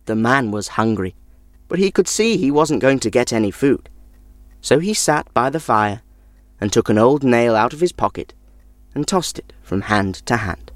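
A man reads a folk tale aloud in a measured, expressive way. His voice is mid-pitched and lively. The sound is dry and close to the mic. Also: no echo. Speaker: storyteller.

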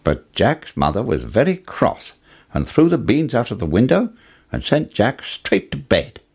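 Deep husky guy reading a fairy tale, voice goes all over the place. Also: unhurried. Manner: expressive storytelling. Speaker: storyteller. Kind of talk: scripted fairy tale narration.

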